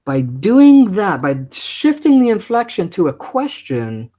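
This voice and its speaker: A man's voice: high voice, very animated, slow pace, dark tone. A man co-hosting a self-help podcast, coaching listeners and demonstrating how intonation changes example phrases. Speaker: podcast co-host. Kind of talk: conversational teaching.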